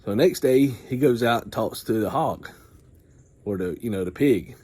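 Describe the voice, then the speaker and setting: A man casually retelling a folksy farm story in a rambling way, often clearing his throat. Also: mid-range voice, expressive, moderate pace, darkish tone.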